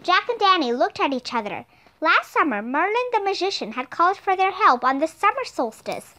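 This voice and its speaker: A woman narrating a children's storybook aloud in an expressive, clear manner. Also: very high-pitched, moderate pace. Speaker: audiobook reader.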